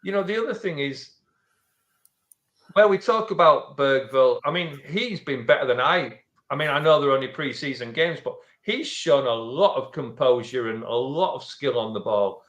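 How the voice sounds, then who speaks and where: A man with a Yorkshire accent giving measured, opinionated views as a fan pundit in a casual football chat, often restarting his phrases. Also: mid-range voice, lively intonation, a bit bright, dull audio. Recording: echoey room sound.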